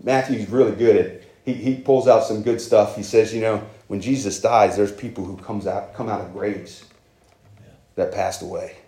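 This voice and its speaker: A man's voice: on the low side, fairly even intonation, normal speed, dark tone, reverberant. A man preaching a sermon as pastor, earnest and conversational, with emphatic rises.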